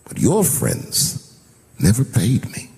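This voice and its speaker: A man voicing a calm older male mobster who speaks low, slow and quiet, recorded on a live stage. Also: creaky, exaggerated voice. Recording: live venue with long reverb.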